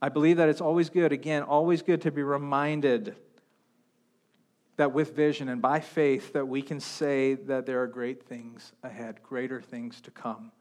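A man preaching a sermon as pastor on a wireless mic, impassioned, swinging between loud calls and hushed stretches. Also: medium pitch, level tone, moderate pace. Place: church sanctuary. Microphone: wireless handheld mic.

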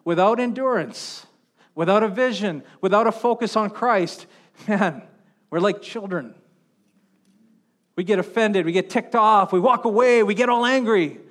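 High-voiced impassioned male preacher. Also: unhurried. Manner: impassioned, swings between loud and hushed. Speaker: pastor. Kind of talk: sermon. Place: church sanctuary. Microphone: wireless handheld mic.

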